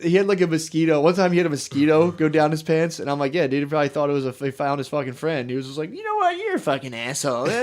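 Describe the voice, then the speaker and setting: A man's voice: fairly high pitch, quick pace, a little mellow. A man co-hosting a comedy podcast in casual banter, swearing a lot and joking. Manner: profane, joking banter with frequent "dude". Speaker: podcast co-host.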